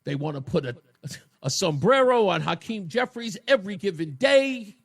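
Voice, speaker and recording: A man hosting a talk radio show, delivering a mocking, combative political monologue that swings between shouting and low taunts. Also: animated, normal speed, slightly rough.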